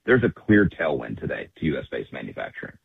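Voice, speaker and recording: Man, company executive, businesslike, husky voice, tinny phone line. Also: very deep voice, sing-song, no room sound. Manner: measured, businesslike. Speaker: company chief executive, guest. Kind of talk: phone interview on talk radio.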